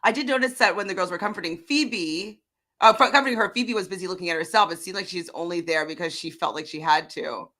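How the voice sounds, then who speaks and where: A woman's voice: fairly low pitch, fast talker, sharp tone. A woman co-hosting a casual recap chat, reading viewer comments aloud and laughing often.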